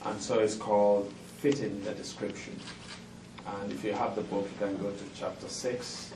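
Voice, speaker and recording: A middle-aged man with a lowish, fairly flat voice speaks at a normal pace, telling humorous stories as an author on a festival panel before a live audience. He chuckles often and pokes fun at himself. The distant mic picks up a roomy event hall full of audience and ambient noise.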